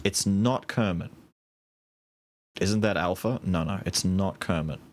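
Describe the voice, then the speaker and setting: A man's voice: low voice, unhurried. A man in his thirties streaming a video game, chatting casually and swearing freely. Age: 30s. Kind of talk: casual gaming commentary.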